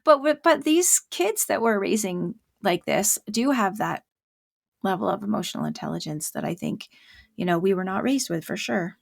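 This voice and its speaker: A middle-aged woman hosting a podcast in casual conversation. She rambles warmly through stories with plenty of fillers and quick laughs. Her voice has a creaky, gravelly texture, and the recording is dry and close. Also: mid-range voice, lively intonation, dry recording. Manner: chatty storyteller, laughs often, many fillers. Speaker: podcast host and parent coach.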